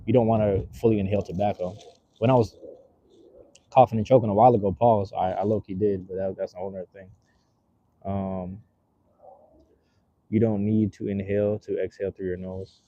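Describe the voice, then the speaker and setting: A man's voice: on the low side, warm tone, no room sound, lo-fi sound. A man hosting a casual livestream, chatting loosely and reading out viewers' messages, with a rambling, slang-filled manner while smoking a cigar. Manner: laid-back, rambling, reads chat aloud with slang. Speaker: livestream host.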